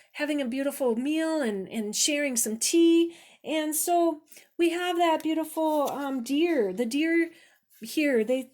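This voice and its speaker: A middle-aged woman with a fairly high voice talks through tarot cards and recipes in a gentle, unhurried way. She wanders, restarts her sentences and fills pauses with soft ums as she goes. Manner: gentle, meandering, many fillers and restarts, repeats "beautiful". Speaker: tarot reader and cooking channel host. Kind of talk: casual unscripted tarot reading and recipe talk.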